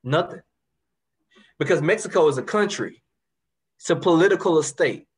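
With a fairly high, expressive, slightly rough voice at normal speed, a Baton Rouge man with a Southern Louisiana accent speaks as a guest. He's passionate in the casual chat, repeating words to drive his points home.

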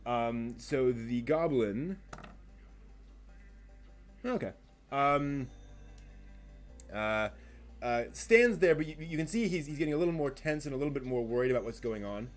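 A man narrating a tabletop game during a live stream while he paints miniatures, rambling with many pauses and restarts. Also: medium pitch, lively intonation, faint music behind.

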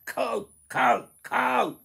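A man's voice: very slow, creaky, pushed and bright, slightly rough, heavily acted. A man voicing a gang of hideous goblins that shriek and chant their words over and over. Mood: eager. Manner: shrill, chanting, repeating words.

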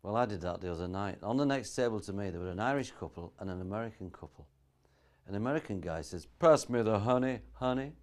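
A middle-aged man with a Yorkshire accent, telling stand-up one-liners in a wry, deadpan way. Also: deep voice, quick pace. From Yorkshire Dales, England. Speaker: stand-up comedian.

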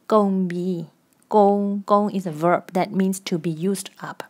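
Slow, patient woman teaching a language. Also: medium pitch, a little mellow. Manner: patient, repeats example phrases slowly. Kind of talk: slow explanatory language lesson.

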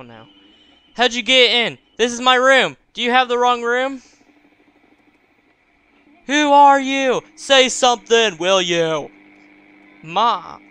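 A man voicing a frail, confused elderly mother in a hospital, doting and then shrill, reading game dialogue aloud. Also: pushed and bright, full character voice. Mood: frantic.

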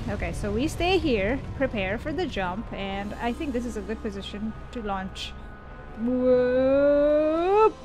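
A high-voiced woman gives unhurried commentary as she plays, chatting and laughing and talking straight to the enemy she is fighting. Game music plays clearly behind her. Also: animated. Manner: chatty, laughs often, talks to the boss. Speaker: gaming video host. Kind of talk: live gameplay commentary.

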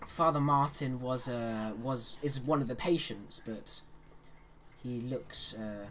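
A man talking through a horror game as he plays it, in a casual, chatty commentary voice. He cracks jokes between moments of tension, and his voice sits at an ordinary middle pitch. A faint hiss runs under the recording. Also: slow pace, a bit bright. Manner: chatty, joking asides while playing. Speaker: let's play host.

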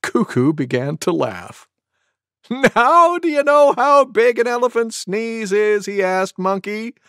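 A man voicing a gentle male goose who reads a cartoon storybook aloud, acting out each animal with big sneezes. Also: a little high, huge pitch swings, takes it slowly, vocal fry, no room sound, clean studio sound, heavily acted. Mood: storytelling.

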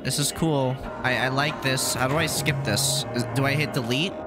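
A man's voice: medium pitch, normal speed, loud music behind the voice. A man casually commentating as he plays a computer game, rambling and hesitant. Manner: rambling, hesitant, full of ums and excited asides. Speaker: streamer.

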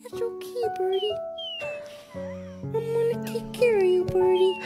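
A performer voicing a gentle children's-show puppet with a soft, slow, soothing voice. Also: very high-pitched, steady tone, loud music behind the voice. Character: gentle puppet comforting a little girl.

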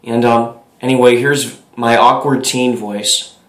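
A man's voice: mid-range voice, fairly even intonation, slow pace, roomy sound. Hesitant man introducing a voice. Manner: hesitant, many ums. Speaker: comedy voice video maker. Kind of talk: casual presentation.

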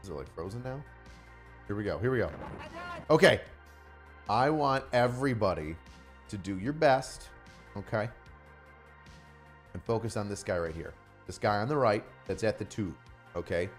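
A man's voice: fairly low pitch, animated, moderate pace, long pauses, soft background music. A man giving profane, mocking live-stream commentary on a news video, often bursting into laughter.

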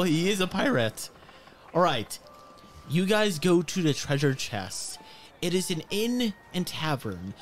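A man narrating a tabletop pirate game as game master, in a playful manner. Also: fairly high pitch.

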